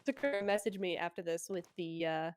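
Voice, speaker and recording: A woman casting a mobile shooter tournament live, chatty and quick to exclaim at the action. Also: lowish voice. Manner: excitable, chatty, exclaims often. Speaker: esports caster. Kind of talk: live play-by-play commentary.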